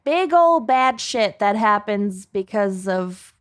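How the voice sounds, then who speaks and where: A woman's voice: medium pitch, animated, slow. A woman co-hosting a podcast in casual, jokey chat, cursing freely. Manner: upbeat, jokey, swears freely. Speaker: podcast co-host.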